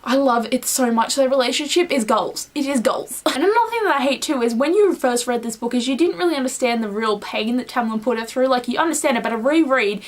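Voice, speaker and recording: A young Australian woman chatting about a book she loves, gushing and excitable, with casual swearing. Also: sits high, fast talker, hardly any pauses. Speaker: book vlogger. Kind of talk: casual book review chat.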